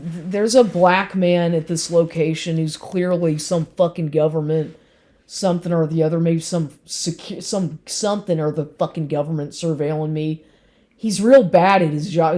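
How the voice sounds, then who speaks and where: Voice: mid-range voice, dark tone. A speaker in a rambling vlog monologue, agitated and constantly swearing, with lots of fillers and restarts.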